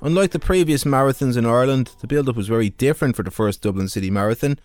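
A man presenting a radio documentary, narrating from a script in a steady, measured way. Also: medium pitch, dry recording. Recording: dry studio voice over faint music.

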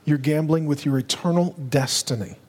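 A male pastor preaching a sermon with urgency, driving home his points and rising to loud, emphatic peaks. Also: on the high side, normal speed. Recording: long reverb of a large hall.

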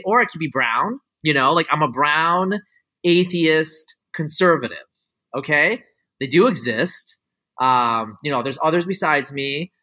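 Pushed and bright, with a slightly high pitch, this man's voice belongs to a guest scientist in a relaxed interview. He rambles opinionatedly, laying out his views at length and filling his speech with "like" and "you know."

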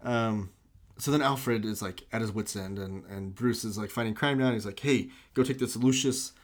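A man's voice: fairly low pitch, moderate pace. A man in casual podcast chat, recapping a film with laughter and loose impressions of its characters. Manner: animated, laughing, acts out movie lines in loose impressions. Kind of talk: casual movie discussion.

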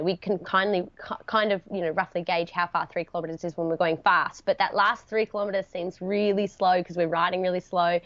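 A woman's voice: lowish voice, no room sound, lo-fi sound. Heartfelt woman sharing a story. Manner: heartfelt, tearful at moments, talks through laughs. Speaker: podcast guest. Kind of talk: emotional storytelling interview.

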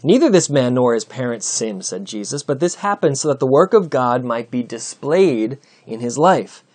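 A man's voice: mid-range voice, very animated, normal speed. A man preaching a sermon, reading scripture aloud and explaining it with rising emphasis. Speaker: pastor.

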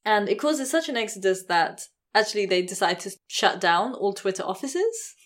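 A woman's voice: mid-range voice, sing-song, normal speed. A woman hosting a podcast, telling a story in a casual chatty way with frequent laughs and hedges. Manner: chatty, laughs often, many hedges like "sort of". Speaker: podcast host.

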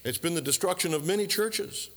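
A man's voice: on the high side, expressive, fairly quick, fairly bright tone, big-room sound. A man preaching a sermon, asking the congregation questions and adding dry asides. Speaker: pastor.

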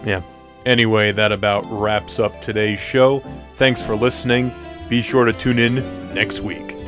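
A man's voice: lowish voice, flat delivery, a little slow, over music. A man co-hosting a movie podcast, talking casually with jokes and self-mockery. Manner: joking, self-mocking, trails off. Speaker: podcast co-host. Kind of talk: casual chat.

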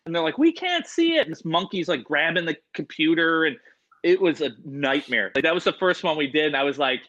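A man's voice: fairly high pitch, a little fast. A man chatting casually and animatedly, telling stories and acting out other people's voices. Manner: animated storytelling, acts out voices. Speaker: animal show presenter. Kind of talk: casual chat. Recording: dull lo-fi sound.

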